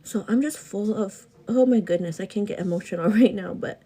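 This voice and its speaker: A beauty and lifestyle vlogger hosts a live get-ready session, her medium-pitched voice warm, husky, and a little fast. Between frequent laughs, heavy use of "like," and calling the viewer "girl," she talks earnestly about faith and gratitude.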